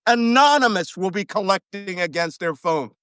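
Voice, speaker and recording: A man's voice: high-pitched, expressive, moderate pace, a bit bright, clear, resonant tone, no echo. A man who served as a navy chief, giving heated, profane, emphatic commentary as a guest on a talk show.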